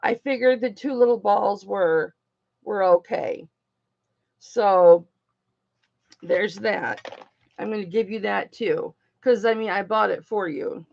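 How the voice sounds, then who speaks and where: A woman hosts a jewelry auction livestream in an unhurried, rambling way. Her voice has a gravelly, creaky texture. She speaks warmly to her viewers, and the sound is a little dull and lo-fi. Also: medium pitch. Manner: affectionate, emotional, rambling, addresses viewers as honey and baby. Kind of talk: casual livestream chat.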